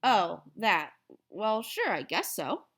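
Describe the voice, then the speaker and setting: A woman's voice: medium pitch, big pitch swings, takes it slowly, a bit bright, full character voice. A woman voicing an exasperated fourth-grade boy in a storybook reading. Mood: put-upon.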